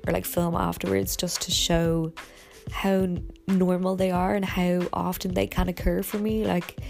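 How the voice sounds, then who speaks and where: A tired young woman hosting a podcast, rambling softly from bed with lots of fillers. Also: on the low side, creaky. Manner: rambling, soft, many fillers and yawns. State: tired, low energy. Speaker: podcast host. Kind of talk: casual personal podcast monologue. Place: in bed at home.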